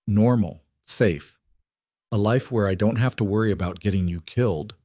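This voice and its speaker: A man voicing a guarded, brooding young mafia boss in a measured storybook read. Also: lowish voice, dark tone, no room sound, studio quality, close to an everyday voice.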